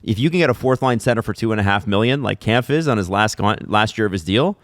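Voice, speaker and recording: A man's voice: on the low side, lively intonation, quick pace, a bit bright, no echo. A man co-hosting a podcast, talking sports in a casual, emphatic, opinionated way.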